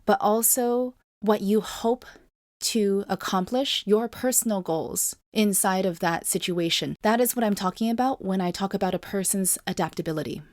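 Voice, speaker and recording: Measured woman podcast host. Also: medium pitch, no echo, clean studio sound. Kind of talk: reflective podcast narration.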